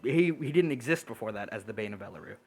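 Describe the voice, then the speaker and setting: A man's voice: lowish voice, fast. Casual male game master. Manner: casual, laughs often, relaxed. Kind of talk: narrating a tabletop game. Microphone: voice chat microphone.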